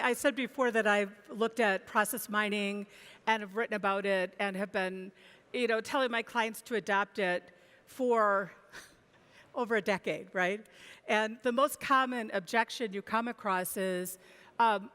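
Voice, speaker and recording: Woman panelist, reflective and hesitant, mid-pitched, recorded on a reverberant conference stage. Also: steady tone, measured pace, fairly bright tone, clean tone. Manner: thoughtful, many restarts and fillers. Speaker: industry analyst on a panel. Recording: long hall reverb.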